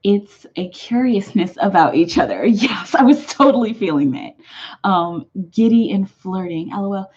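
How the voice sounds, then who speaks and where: A woman's voice: medium pitch, lively intonation, normal speed, a little mellow, dull audio. A woman tarot reader chatting casually on a live stream, rambling with many fillers.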